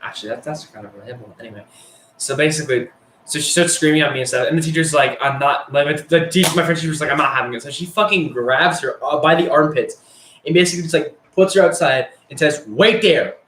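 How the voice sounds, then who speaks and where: Talking quickly in a slightly high, fairly bright voice, a young man tells a casual school-days story in an echoey room with slight background noise. He rambles, cusses, and fills his speech with fillers.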